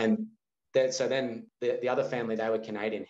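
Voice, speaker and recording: This guest, an Australian in his thirties, speaks at a medium pitch and a quick pace. He recounts a personal story in a relaxed interview, performing the quoted dialogue with lively energy. The recording sounds roomy and slightly muffled.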